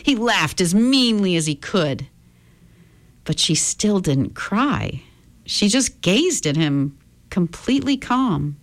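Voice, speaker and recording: A woman reading a children's story aloud with expressive intonation. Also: medium pitch, takes it slowly.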